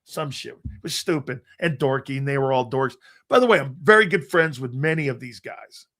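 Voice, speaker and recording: Animated, profane middle-aged male sports host. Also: mid-range voice, normal speed. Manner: animated, profane, acts out quoted voices. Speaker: sports talk radio host. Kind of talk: storytelling on a sports talk show.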